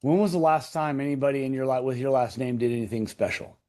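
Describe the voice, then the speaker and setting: A man's voice: mid-range voice, fast, a little mellow. A man in his thirties, a podcast guest, telling a raw personal story with emphatic repetition and swearing. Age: 30s. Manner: emphatic, repeats key phrases, swears. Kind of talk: intense storytelling in interview.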